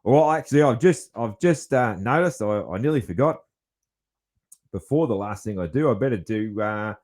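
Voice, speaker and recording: A man's voice: fairly low pitch, expressive, normal speed, a little mellow. A man hosting a podcast, talking in a rambling, chuckling way with many restarts. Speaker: podcast host. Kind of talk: casual chat.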